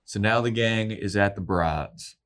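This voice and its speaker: Low-voiced man recapping an episode. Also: measured pace. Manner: animated storytelling, acts out quotes. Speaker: podcast co-host.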